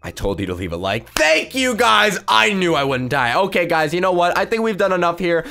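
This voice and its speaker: A young man hosting a gaming video, giving excited play-by-play and shrieking in mock panic. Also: high voice, brisk, creaky, soft background music. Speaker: YouTube gaming host. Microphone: desk mic with face cam.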